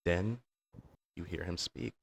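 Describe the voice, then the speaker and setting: A man's voice: deep voice, takes it slowly, creaky, breathy edge. A man narrating a second-person audio roleplay in an informal way, with fillers and restarts.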